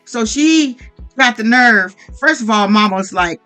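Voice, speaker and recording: A woman's voice: a little high, animated, a little slow, bright, forceful tone, faint music behind. A woman giving casual reality TV recap commentary in a blunt, profane and opinionated way. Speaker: vlogger recapping a reality show.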